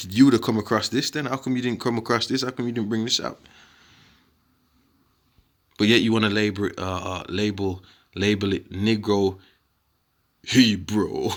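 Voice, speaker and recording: A young man talking casually to his viewers, animated and repetitive, calling them bro and man while making his case. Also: on the low side. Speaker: online commentator. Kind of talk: casual rebuttal video talk.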